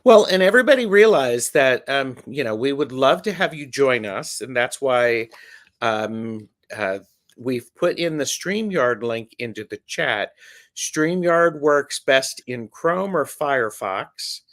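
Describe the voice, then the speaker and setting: A man's voice: medium pitch, animated, measured pace, fairly bright tone, no room sound. A man appearing as a guest tarot reader on a live stream, chatting casually and joking along.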